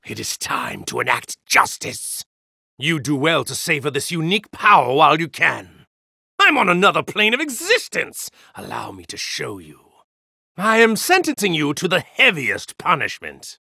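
Brief: an arrogant villain god for a fighting game, gravelly and haughty, slow menacing delivery swinging from low sneers to high shouts, bright edge, dry studio sound. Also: male voice, huge pitch swings, no room sound, heavily acted. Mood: contemptuous. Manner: haughty, contemptuous, grandiose. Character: arrogant evil god in a hero's body, male. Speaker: video game character. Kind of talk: game voice lines.

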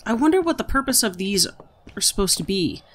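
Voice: medium pitch, big pitch swings, fairly quick, a bit bright, slight background noise. A gaming video host giving chatty, reactive commentary while playing. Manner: chatty, reactive, exclaims at gameplay. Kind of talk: let's-play commentary.

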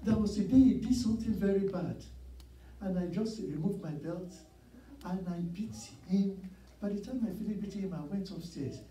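Mellow sixties man preaching in a roomy church. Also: high-pitched, moderate pace, a little hiss or hum. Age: 60s. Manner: earnest storytelling with emphatic repeats. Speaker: guest preacher. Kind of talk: sermon. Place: church sanctuary. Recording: roomy church sound from a distance.

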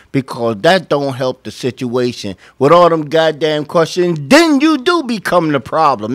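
Lively blunt man giving relationship advice. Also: fairly high pitch, no echo, studio quality. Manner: blunt, swears, acts out little dialogues. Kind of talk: casual advice monologue to camera.

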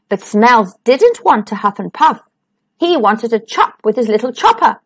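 A woman reading a children's picture book aloud, slowly and expressively, as a storytime host. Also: fairly high pitch, big pitch swings, breathy edge. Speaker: storytime reader.

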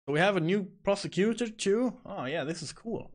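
Excitable man streaming a game. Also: sits high, a little fast. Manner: excitable, mock-stern toward chat. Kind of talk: let's play commentary. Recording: game music behind.

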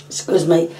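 A hoarse woman who is losing her voice talks casually through a home cooking demonstration. She often clears her throat and apologises. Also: low-pitched, mellow, a little hiss or hum.

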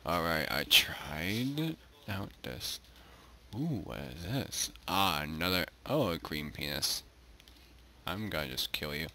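A low-voiced man narrates his game casually, his pitch jumping around animatedly. He jokes and greets the animals he passes in a goofy way. A faint noise sits under the recording. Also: big pitch swings, takes it slowly, sharp tone. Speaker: gaming YouTuber. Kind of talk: casual let's-play commentary.

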